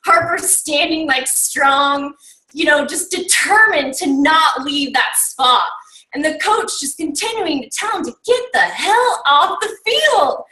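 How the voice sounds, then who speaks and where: A woman with a high, bright voice gives her team a motivational talk. She takes her time and keeps asking rhetorical questions, peppering her talk with "like" and "okay?". She sounds roomy and set back from the mic. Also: lively intonation, slow pace, recorded from a distance. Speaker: team coach recapping a summit.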